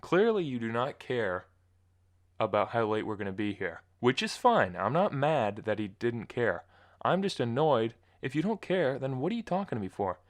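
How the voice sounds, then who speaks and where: A man's voice: medium pitch, sing-song, moderate pace. A young man hosting a podcast, ranting casually and with exasperation in a rambling, self-correcting way. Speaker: podcast host. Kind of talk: casual solo monologue.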